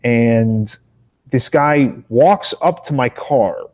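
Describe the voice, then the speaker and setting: A man's voice: mid-range voice, extremely slow, a little mellow. A man co-hosting a podcast in casual chat, telling rambling stories with lots of swearing and restarts. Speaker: podcast co-host.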